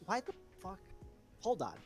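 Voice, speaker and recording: A man chatting casually while playing a wrestling sim game with a friend, quick to react, swearing and laughing. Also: high voice, huge pitch swings. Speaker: co-host of a game stream. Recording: faint music behind.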